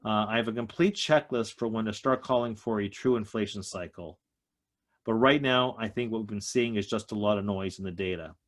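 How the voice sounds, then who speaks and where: An economist appears as a guest speaker over a video call, giving a group an emphatic talk on economics and stressing his key points. He sounds slightly out of breath, with a lowish voice and a somewhat quick pace.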